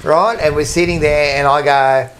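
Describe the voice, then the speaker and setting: Animated Australian man telling stories. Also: fairly high pitch, normal speed, noisy background. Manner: animated storyteller acting out quotes. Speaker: podcast co-host. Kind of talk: casual chat.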